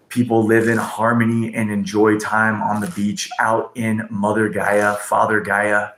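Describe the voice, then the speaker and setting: Gravelly-voiced man ranting casually. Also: fairly low pitch, monotone, moderate pace, hardly any pauses, fairly bright tone, reverberant. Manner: ranting, profane, rambling, talks to chat with pet names. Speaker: livestream host doing oracle card readings. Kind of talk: casual livestream chat.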